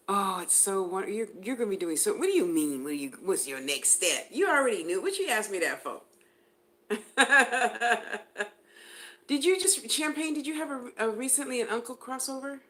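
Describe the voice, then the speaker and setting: A woman's voice: on the high side, lively intonation, normal speed, a bit bright. A woman giving a live spiritual reading to viewers. She talks in a chatty way, laughs often, and addresses people by name. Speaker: spiritual reader.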